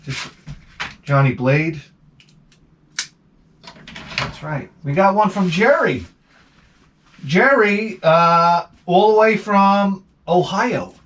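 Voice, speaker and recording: A man's voice: sits high, drawn-out words, long pauses, slight background noise. A man riffing in a rambling comedic monologue, jumping into silly voices. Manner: animated, jumps into silly voices. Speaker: comedic vlogger.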